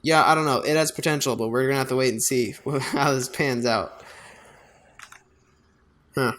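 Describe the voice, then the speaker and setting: A man's voice: medium pitch, fairly even intonation, normal speed, a bit bright. A man designing on a computer, thinking aloud in a casual, self-deprecating way. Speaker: designer narrating his work. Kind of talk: casual screen-recording commentary.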